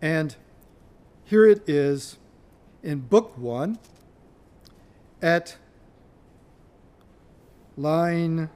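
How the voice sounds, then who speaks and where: A middle-aged man lecturing on literature at an unhurried pace. His voice sits a little high for a man, and he pauses often as he works through his points. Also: animated, darkish tone, clear, resonant tone. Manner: slow, measured, searching for his place, with pauses. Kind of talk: university lecture.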